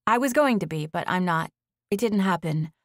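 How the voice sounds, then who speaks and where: A woman's voice: medium pitch, brisk, no echo, clean studio sound, pitched above the performer's own voice, close to an everyday voice. A woman narrator voicing a nervous, breathless woman in her thirties who rambles on a phone call, read as audiobook dialogue. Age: 30s.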